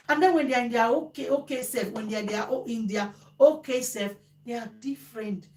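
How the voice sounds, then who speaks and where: Host vlogger, woman, fairly high voice, echoey room, emphatic repetition. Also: a little fast, slight background noise. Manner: animated, repeats phrases for emphasis. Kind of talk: casual talk to viewers.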